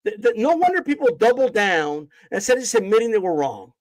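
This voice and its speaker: Brisk and sing-song, a boxing streamer with a high voice launches into a heated live-stream rant, swearing and mockingly confronting his chat. The audio has no echo but sounds rough.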